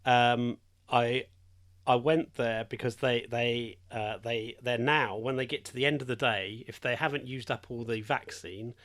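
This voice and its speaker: A man's voice: mid-range voice, steady tone, unhurried, a bit bright. An older man, a hospital radio presenter telling a story in casual chat and laughing often. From England. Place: radio studio.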